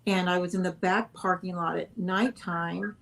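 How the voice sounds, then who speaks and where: A woman's voice: on the low side, fairly even intonation, normal speed, vocal fry, fairly bright tone. A woman guest in a casual interview, telling a long story in a rambling way, correcting herself and laughing often.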